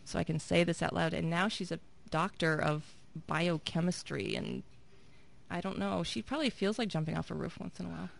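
A woman's voice: on the low side, brisk, creaky. A woman co-hosting a radio program, joking and laughing through a list of silly items. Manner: laughs often, playful. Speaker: radio co-host. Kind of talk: jokey radio banter.

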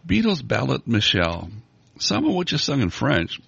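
A man's voice: medium pitch, huge pitch swings, normal speed, vocal fry, a bit bright, slightly rough, no room sound. A man in his fifties co-hosting a podcast in casual chat, wry and punning, laughing often. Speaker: podcast co-host. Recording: dull lo-fi dry sound.

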